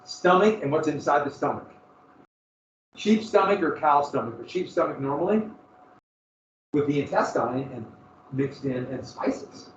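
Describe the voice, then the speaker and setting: Male teacher, a touch high-voiced, casual and jokey, lecturing from across a roomy classroom on a dull mic. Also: lively intonation, measured pace, pauses often, far from the mic, a little hiss or hum. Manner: casual, joking, digressive storytelling.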